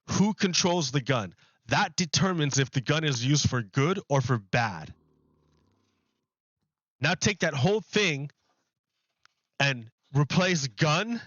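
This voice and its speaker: Man streamer, a bit high and bright, restarts his sentences a lot, dry and slightly dull mic. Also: no echo. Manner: rambling, repeats and restarts phrases while building an argument. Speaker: livestreamer. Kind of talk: casual live-stream talk to chat.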